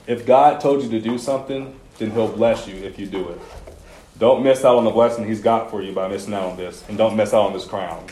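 A youth pastor preaches a casual, conversational sermon to a youth group, sharing personal stories with slangy asides. His lowish, warm voice moves a little fast, recorded in an echoey room with a little hiss or hum.

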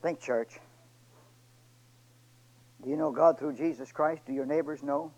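A man preaching a sermon and retelling a story, pleading with his church and swinging between loud and hushed delivery. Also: on the high side, fairly even intonation, fairly quick, highs cut off.

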